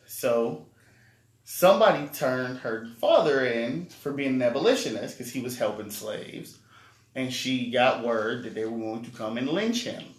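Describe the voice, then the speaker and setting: A man's voice: medium pitch, measured pace. A man co-hosting a casual movie review, retelling the plot with jokes. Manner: joking, animated retelling. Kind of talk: casual chat. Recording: echoey room.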